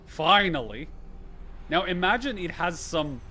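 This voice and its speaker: Excitable, joking man reacting to a game. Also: a little high, unhurried, a little hiss or hum. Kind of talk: casual live reaction commentary.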